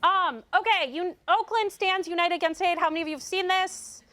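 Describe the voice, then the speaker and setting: A woman's voice: very high voice, a little fast, bright, forceful tone. A woman giving a live workshop talk in an indoor meeting room, speaking into a handheld mic with a wry, joking delivery.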